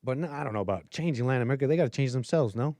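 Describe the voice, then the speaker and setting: A man's voice: mid-range voice, animated, rapid-fire, mellow, no echo. Rambling man hosting a livestream. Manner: rambling, filler-heavy, opinionated. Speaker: livestream host. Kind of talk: casual livestream commentary.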